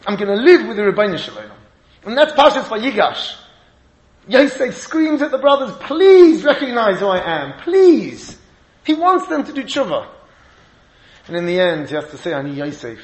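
A man giving a Torah lecture, emphatic and animated, laughing often and mixing in Hebrew and Yiddish terms. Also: sits high, fairly quick, echoey room, low-quality recording. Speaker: rabbi giving a shiur.

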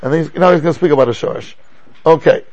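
An older man teaching a class as a rabbi, lecturing in an animated way and asking rhetorical questions. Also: a little high, quick pace, dull audio.

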